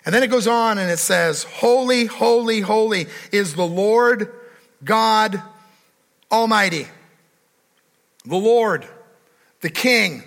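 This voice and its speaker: Preaching man with a gravelly, bright voice. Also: sits high. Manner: preaching with emphatic repetition and rising intensity. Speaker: pastor. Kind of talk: sermon. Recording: echoey hall with long reverb.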